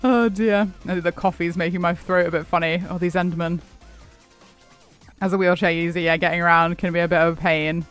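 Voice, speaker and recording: A man's voice: high-pitched, steady tone, fairly quick, a bit bright, smooth. A man streaming a game, chatting casually and rambling, laughing often as he answers chat. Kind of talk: casual live-stream chat while gaming. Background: faint background music.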